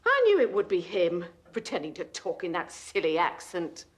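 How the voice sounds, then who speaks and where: An actress playing a suspicious, indignant middle-aged landlady who speaks in a sharp-tongued, self-satisfied way. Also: on the low side, huge pitch swings, normal speed. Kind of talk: TV period drama acting.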